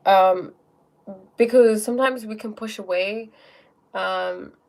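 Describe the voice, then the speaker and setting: A woman with a gravelly, fry-tinged voice hosts a casual self-help livestream. She rambles and thinks aloud, full of fillers and restarts, and talks straight to her viewers about their comments. It sounds like a phone held close. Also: mid-range voice, takes it slowly, darkish tone. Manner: chats directly with viewers, reading their comments. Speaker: livestream host answering viewer questions.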